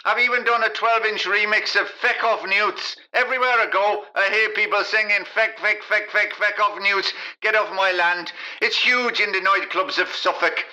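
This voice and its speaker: A cheeky, bragging young pop star, as a man puts him on for a comedy sketch. He blurts out crude remarks without thinking. His voice sits high, with a sharp, very bright edge. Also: fairly even intonation, normal speed, few pauses. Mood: boastful. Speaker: phone-in guest.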